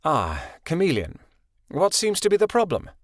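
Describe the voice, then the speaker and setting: Guy playing creepy sweet-talking evil king, slow drawl, lively pitch, dry. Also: no echo. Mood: coaxing. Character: sinister scheming king, smooth and coaxing.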